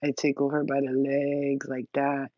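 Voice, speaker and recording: A woman's voice: extremely low pitch, monotone, unhurried, dry recording, dull audio. Crude, laughing woman vlogger. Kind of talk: casual rambling monologue.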